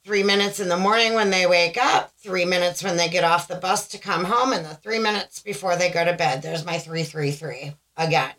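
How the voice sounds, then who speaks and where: A woman's voice: on the low side, moderate pace, few pauses, rough recording. A woman co-hosting a casual mom podcast, telling stories with lots of acted-out quotes and swearing. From US South. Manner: animated storyteller, swears, acts out quotes. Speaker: podcast co-host. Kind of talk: casual chat.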